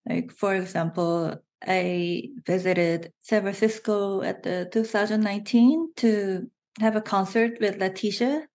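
A woman with a Korean accent, a native Korean speaker, chatting as an interview guest, with halting restarts and frequent laughter. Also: mid-range voice, a little mellow. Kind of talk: casual interview chat.

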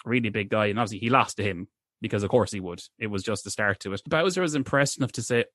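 A man's voice: on the low side, fast, a bit bright, dry recording, clean studio sound. A man co-hosting a podcast, telling a history story in a rambling, casual way, with lots of fillers and restarts.

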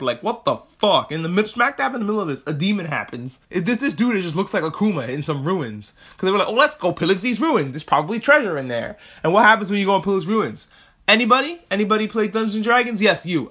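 Podcast host, male, slightly high-voiced; joking, swearing recap of a story, dull low-fi sound. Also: a bit bright. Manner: profane, jokey, acts out characters' lines. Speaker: podcast host reviewing an anime. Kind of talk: casual recap and commentary. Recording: dull lo-fi recording.

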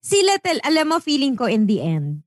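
A woman's voice: sits high, huge pitch swings, brisk, no room sound, studio quality. A woman with a Filipino accent co-hosting a casual gossip podcast, slipping between English and Tagalog and laughing often. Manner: Taglish code-switching, chatty, laughs often. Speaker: podcast co-host. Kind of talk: casual celebrity gossip chat.

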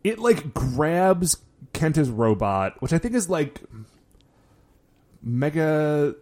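A man casually recapping a show with a co-host, animated and acting out quotes, with lots of filler words. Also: a little high, slow pace. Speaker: podcast co-host.

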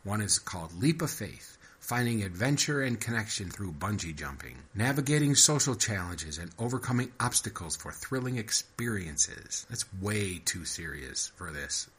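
Low husky man rambling after a story. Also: sing-song, normal speed, hardly any pauses, a bit bright. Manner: rambling, self-interrupting, repeats himself. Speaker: podcast host and fiction writer. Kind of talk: reading short fiction and casual chat.

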